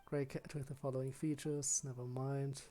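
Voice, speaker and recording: Faint music plays behind a game streamer making casual late-night chat with viewers during a game, self-conscious, tired, and giggling often. The medium-pitched voice is warm but flat, at normal speed.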